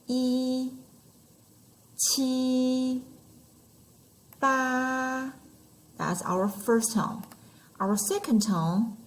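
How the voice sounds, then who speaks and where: A woman's voice: mid-range voice, darkish tone, poor audio. A woman teaching numbers and tones in an online lesson, patient and demonstrating each sound aloud. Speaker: Mandarin teacher.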